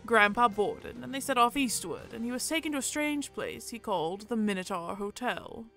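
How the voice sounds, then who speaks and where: A woman's voice: a little high, animated, normal speed, bright, forceful tone, soft background music. A woman playing a haughty, proud peacock. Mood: storytelling. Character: proud, scheming male peacock storyteller.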